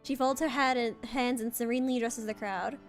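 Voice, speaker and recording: Lively woman reading a game aloud. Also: a little high, brisk, soft background music. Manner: lively, chatty narration. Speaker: streamer. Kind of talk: reading a game's text aloud on a live stream.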